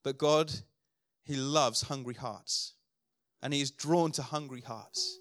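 A man's voice: medium pitch, steady tone, slow, fairly bright tone. A middle-aged man preaching a sermon as pastor, earnest, building to emphatic declarations.

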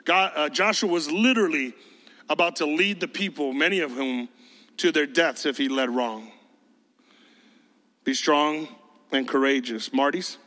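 A man delivers an emphatic, conversational sermon in a high voice with a bright, forceful edge. His words ring out with a long reverb, as in a large hall. He slips into mocking voices to make his points. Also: unhurried, pauses often. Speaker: pastor.

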